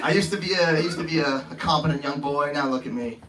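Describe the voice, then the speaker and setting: A man's voice: fairly high pitch, fast. A man in his thirties doing brash, teasing, profane crowd work as a stand-up comedian on a club stage. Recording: distant mic, loud laughing crowd.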